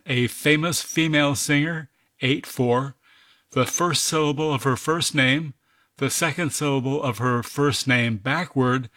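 A man's voice: mid-range voice, a bit bright, no room sound. A man hosting a radio word puzzle, spelling out each word letter by letter and encouraging the player. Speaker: puzzle master.

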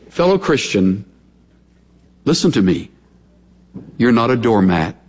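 A man's voice: medium pitch, long reverb tail. A middle-aged male pastor preaching a sermon, telling stories in a playful, chuckling way. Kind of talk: sermon with humorous storytelling.

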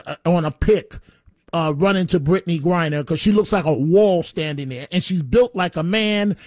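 A man's voice: sits high, no room sound, clean studio sound. A man hosting a call-in talk radio show, rambling and opinionated, often stammering as he restarts his sentences.

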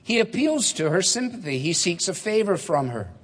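Preacher with a ringing hall echo. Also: male voice, sits high, sing-song, a little hiss or hum. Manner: measured, emphatic, with rhetorical questions. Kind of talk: expository sermon. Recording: long hall reverb.

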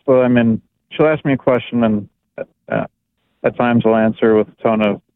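A man's voice: mid-range voice, steady tone, moderate pace. A man in his thirties calling in to a radio show, speaking hesitantly and self-consciously. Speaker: caller. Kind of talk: phone call to a radio show. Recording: tinny phone line.

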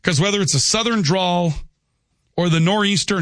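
A man's voice: sits high, fairly quick, fairly bright tone, dry recording, clean studio sound. A man hosting a call-in radio talk show, talking conversationally and often tossing in "okay". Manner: conversational, peppers lines with "okay". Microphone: studio microphone.

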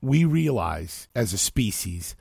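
A talk radio host with a gravelly, husky voice that swings widely in pitch as he rambles through casual banter. He cracks self-deprecating asides, and the sound is dry and close. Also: big pitch swings, slow, a little mellow, no echo.

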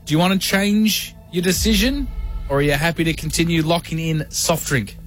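An Australian man hosts a casual radio segment, ribbing his callers with quick jokes. His voice sits a little high, with faint music playing underneath. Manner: jokey, teasing, quick to rib callers. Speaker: radio show host.

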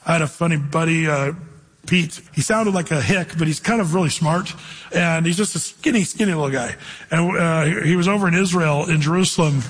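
A male pastor with a high, slightly husky voice, teaching through scripture in a relaxed, conversational way. He slows down for the readings and drifts into stories. A long reverb trails his words, as in a large hall. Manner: conversational, tells anecdotes, reads scripture slowly.

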